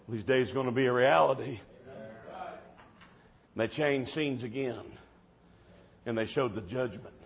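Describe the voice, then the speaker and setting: A man preaching a storytelling sermon, swinging from hushed tones to shouting. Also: mid-range voice, a little slow, pauses often, highs cut off, crowd noise.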